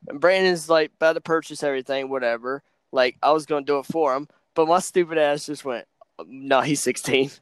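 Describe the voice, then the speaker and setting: A man's voice: on the high side, quick pace, hardly any pauses, clear, resonant tone, dry recording. A young man, a podcast guest, chatting casually and poking fun at himself while he recalls shared memories. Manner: easygoing, self-mocking storyteller. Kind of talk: casual chat.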